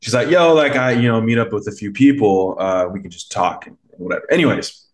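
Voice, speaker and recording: A man's voice: lowish voice, animated, a little fast. A man guesting on a podcast as a mindset coach, telling a story in a loose, rambling way with lots of fillers and acted-out quotes. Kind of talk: casual conversational storytelling.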